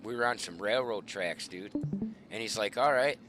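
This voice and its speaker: A middle-aged man, the host, casually telling hunting stories in a profane, animated way. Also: lowish voice, a little slow, heavy background noise. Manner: profane, animated, swearing often. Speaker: show host.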